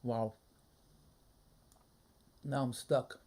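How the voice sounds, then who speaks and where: A man streaming a live trading session, muttering his thoughts aloud in a low-key, halting way. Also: fairly even intonation, mellow. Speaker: day trader streaming a live trading room. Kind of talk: casual live market commentary.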